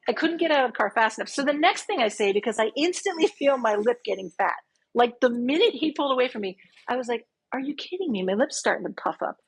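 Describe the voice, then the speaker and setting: A woman in her fifties tells a dating story as a podcast guest. Her voice sits high and a little husky. She talks casually and with life, and she acts out her own lines from back then. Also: lively intonation, fast, rough recording. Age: 50s.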